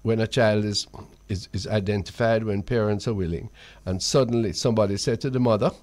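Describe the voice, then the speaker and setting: A man with a Jamaican accent hosting a radio talk show, speaking in a measured way and often murmuring agreement. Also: lowish voice, steady tone, darkish tone. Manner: affirming, measured, with frequent murmured backchannels. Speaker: radio host.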